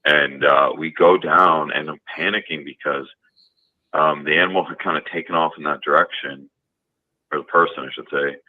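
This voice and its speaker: A man with an extremely low, booming voice calls in to a talk show and tells his story. He rambles, with plenty of fillers and restarts. His voice comes through a thin, tinny phone line. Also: fairly even intonation, moderate pace. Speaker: caller. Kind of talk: telling a personal story on a call-in show.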